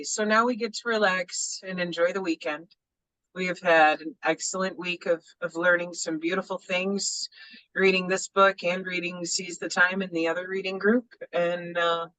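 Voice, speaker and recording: A woman's voice: on the low side, no echo, rough recording. A woman leading an online reading group, tired and yawning as she wraps up the session. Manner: sleepy, yawning, relaxed. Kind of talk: casual online group chat. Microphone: video call.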